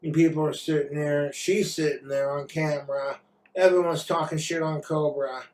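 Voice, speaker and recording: A man's voice: a little high, fairly even intonation, normal speed, darkish tone. A man vlogging in a rambling, profane rant while he has been drinking. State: drinking, tipsy.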